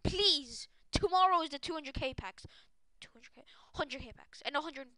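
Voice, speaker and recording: A young woman streaming a video game live, shrieking and excitable, often breaking into shouts. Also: sits high, moderate pace. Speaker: gaming streamer.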